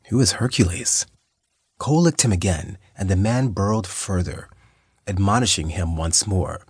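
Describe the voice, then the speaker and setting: A man narrating an audiobook in a steady, measured storytelling manner. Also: low-pitched, slightly rough, no room sound, clean studio sound. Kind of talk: scripted narration.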